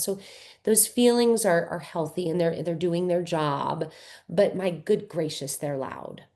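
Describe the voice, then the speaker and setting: A woman giving a slide presentation to caregivers in a folksy, conversational way, asking gentle coaching questions and often tagging on "right?". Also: lowish voice. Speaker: workshop speaker for caregivers.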